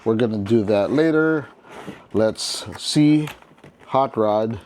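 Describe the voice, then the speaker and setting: A man's voice: lowish voice, takes it slowly, a little mellow, slight background noise. A man hosting a casual toy unboxing review, chatty and enthusiastic, talking straight to his viewers with frequent restarts.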